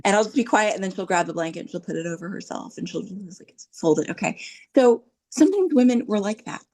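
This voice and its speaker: A middle-aged woman chatting as a podcast guest, telling animated stories and often checking in with the listener. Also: mid-range voice, quick pace. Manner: animated storytelling, checks in with "right?". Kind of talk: casual podcast chat.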